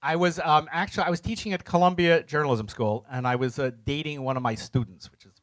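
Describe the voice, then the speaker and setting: A man's voice: on the high side, quick pace, no room sound. A middle-aged man speaking to a live audience, telling a story with jokes at his own expense and acting out the voices and sounds in it. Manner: animated, acts out voices and sounds in his stories; self-mocking, jokes with the audience.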